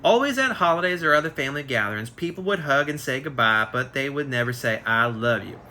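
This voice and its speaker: On a casual live stream captured by phone, a man reads a biography aloud, stumbling often and correcting himself. His slightly high voice swings widely in pitch, moving fast and sounding pushed and bright, with slight background noise.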